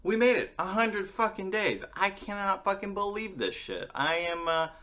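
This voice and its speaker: Speaking at a normal pace, the host of a daily music video series has a high, expressive, pushed and bright voice that sounds slightly worn from singing. The young man keeps his vlog chat loose, full of profanity and joking rants.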